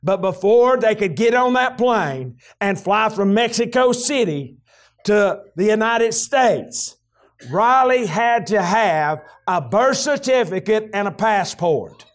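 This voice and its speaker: A high-voiced man with a Southern US accent preaching a folksy sermon. He talks like he is telling a story to friends. When he gets worked up, his voice climbs and breaks into loud shouts. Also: expressive, takes it slowly. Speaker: pastor.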